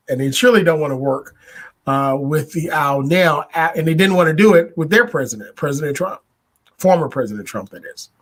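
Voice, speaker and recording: A man hosting a podcast, giving a political commentary monologue in a deliberate way, building points with repetition and rhetorical questions. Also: on the high side. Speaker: podcast host.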